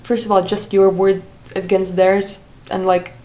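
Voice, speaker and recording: A woman's voice: medium pitch, flat delivery, a little slow, warm tone, rough recording. A woman telling a personal story in a vlog, talking hesitantly with many fillers and restarts. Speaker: vlogger.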